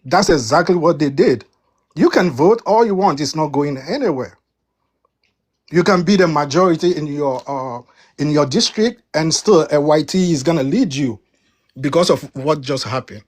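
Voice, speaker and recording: An emphatic man from Africa speaks on a heated debate panel. His voice sits a little high for a man, and he repeats words and presses his points hard. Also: lively intonation, normal speed, darkish tone. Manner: emphatic, repeats words when cutting in, rising pitch on key points.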